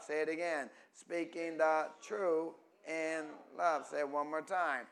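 A man pastor preaching a call-and-response sermon, asking the congregation questions and stretching key words slowly for emphasis. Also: a little high. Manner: rises from quiet teaching to loud emphatic preaching.

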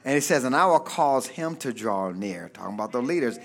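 A man pastor preaching a fervent sermon, reading scripture and calling for amens from the congregation, often shouting. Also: mid-range voice, lively intonation, brisk, creaky. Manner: reads scripture aloud, then explains it.

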